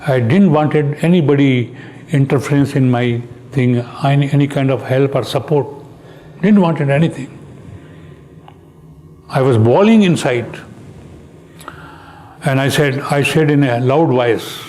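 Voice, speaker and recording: A man's voice: medium pitch, a little slow, pauses often, darkish tone. An older man, telling a personal story earnestly and acting out the dialogue as he goes. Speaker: guest speaker.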